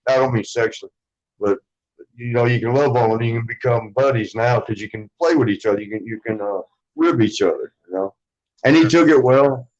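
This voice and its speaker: A former wrestler as an interview guest, telling stories casually in a rambling way, swearing freely and acting out what others said. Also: male voice, medium pitch, a little fast, dull audio. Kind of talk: casual storytelling.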